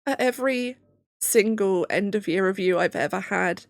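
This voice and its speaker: A woman's voice: medium pitch, normal speed, gravelly, no room sound. A young woman talking casually on a livestream, on the verge of tears, thinking aloud with nervous laughs. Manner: tearful self-talk with nervous laughs. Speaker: livestreamer and PhD student.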